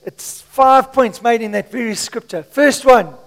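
A male pastor preaching a sermon to his church, swinging between shouts and hushed asides, his voice strained from shouting. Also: very high-pitched, unhurried, creaky, big-room sound. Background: congregation.

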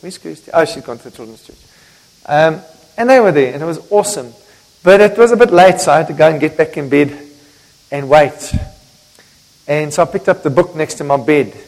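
Middle-aged pastor, fairly high voice, candid and emotional, church reverb. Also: male voice, a little fast, vocal fry, long pauses, darkish tone. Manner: candid, emotional, repeats himself. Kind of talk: sermon. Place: church sanctuary.

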